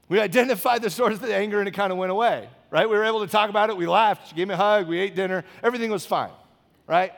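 A man's voice: high voice, lively intonation, a little fast, gravelly. A man in his thirties preaching a sermon, telling a personal story in a conversational way and often checking in with the congregation with "okay?". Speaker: pastor. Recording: long hall reverb.

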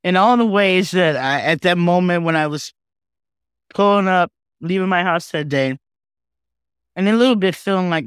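Heartfelt, animated man telling his story. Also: high-pitched, normal speed, smooth, dry recording, studio quality. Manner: heartfelt, animated, says "man" and "okay?" often. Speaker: podcast guest. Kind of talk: emotional personal storytelling.

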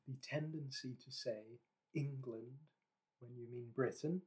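A Scottish man co-hosting a podcast, talking casually in a rambling, animated way with frequent restarts. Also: mid-range voice, a little slow, pauses often, slightly rough. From Scotland. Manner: rambling, animated, self-correcting. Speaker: podcast co-host.

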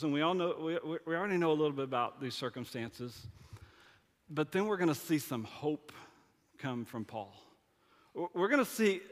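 A man preaching a sermon as a pastor, casual and joking, often stammering and restarting his sentences. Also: fairly high pitch. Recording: long reverb of a large hall.

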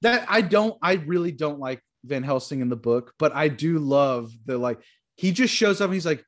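A man's voice: a little high, expressive, moderate pace. A man chatting casually and enthusiastically about a film, slipping into put-on voices to quote characters. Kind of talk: casual movie chat.

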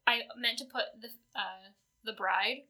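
A woman hosting a podcast presents fan awards in casual, chatty talk laden with "like." She has a fairly high pitch, speaks a little slowly and sounds sharp.

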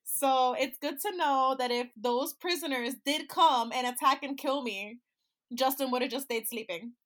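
A woman's voice: high-pitched, measured pace. A woman co-hosting a podcast, telling stories in casual chat with lots of laughter. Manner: animated storyteller who laughs often. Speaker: podcast co-host.

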